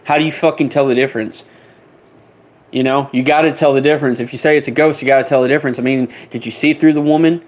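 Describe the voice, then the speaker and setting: A man's voice: medium pitch, fairly even intonation, fast talker, poor audio. A man on a live stream with a casual, profane rant. He talks in an exasperated way, repeating himself and starting his sentences over. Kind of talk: casual ranting monologue.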